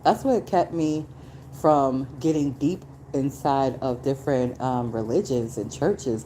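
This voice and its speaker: A middle-aged woman hosting a casual solo podcast, talking emphatically and swinging from low asides to high exclamations. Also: unhurried, mellow, slight background noise, low-quality recording. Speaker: podcast host.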